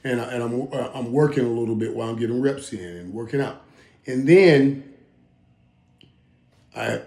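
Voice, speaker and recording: A man in his fifties hosting a casual reaction monologue, talking emphatically with stammered restarts and dropping into low mutters. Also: a little mellow. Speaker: host. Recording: roomy echo.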